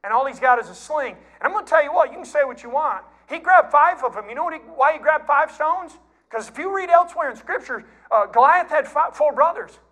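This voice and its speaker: A man who pastors a church, preaching a sermon in a folksy, animated storytelling way. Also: extremely high pitch, brisk.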